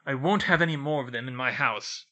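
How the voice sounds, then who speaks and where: A man's voice: medium pitch, a little fast, sharp tone, dull audio, natural voice. A man reading a story voices a hostile, blustering middle-aged uncle who growls his words. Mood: gruff. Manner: gruff, growling.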